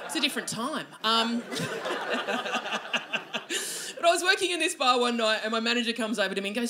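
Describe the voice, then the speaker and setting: A woman's voice: on the high side, a little fast, long pauses. An Australian woman in her forties doing a brash, sweary stand-up comedy set on a comedy venue stage. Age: 40s. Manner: brash, sweary, loud bursts. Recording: noisy live club with crowd. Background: audience laughter.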